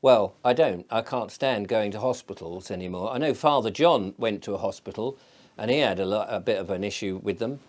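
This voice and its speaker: Chatty, rambling male vlogger. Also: medium pitch. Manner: digressive storyteller, chatty with many fillers. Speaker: channel host. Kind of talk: casual rambling vlog chat.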